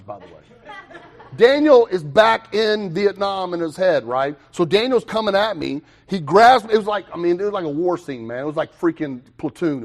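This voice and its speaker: A young man telling his own recovery story to a meeting, animated, with quick asides and self-mocking humor. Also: high-pitched. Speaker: recovery speaker.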